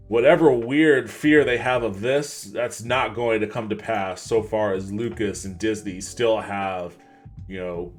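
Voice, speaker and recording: Casual wry male podcast host. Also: fairly low pitch. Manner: casual and wry, stumbles over names and restarts. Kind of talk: livestream podcast, reading articles aloud with commentary.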